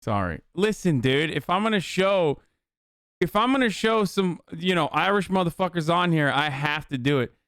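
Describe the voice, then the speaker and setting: A man's voice: fairly high pitch, animated, normal speed, a bit bright, clear, resonant tone, dry recording, studio quality. A young man hosting a casual live stream, joking crudely and reading chat aloud.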